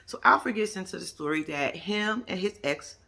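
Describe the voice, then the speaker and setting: A man recapping a TV show to his viewers in lively casual chat, acting out what people said and laughing often. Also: sits high, normal speed, gravelly. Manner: animated storytelling, acts out quotes in exaggerated voices, laughs often; playful slang, addresses viewers as y'all and baby.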